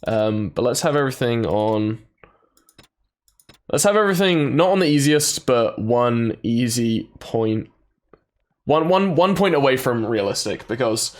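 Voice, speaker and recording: A man's voice: medium pitch, expressive, measured pace. A man giving casual, jokey let's-play commentary and reading game text aloud. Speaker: gaming YouTuber. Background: game soundtrack music.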